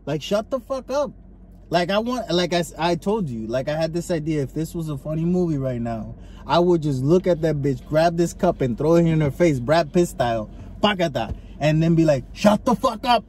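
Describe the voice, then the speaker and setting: Guy venting in his car, cussing constantly, kinda high voice, animated. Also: a little fast. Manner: profane, ranting, animated storytelling. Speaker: podcast co-host. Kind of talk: casual chat. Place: inside a car. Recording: faint car noise behind.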